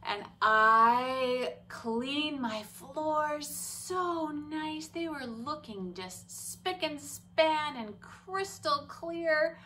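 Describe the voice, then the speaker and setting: Gentle, slow-talking woman teacher. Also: sits high, expressive, distant mic, slight background noise. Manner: slow, gentle, with some whispered lines. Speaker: special education teacher. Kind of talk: children's lesson.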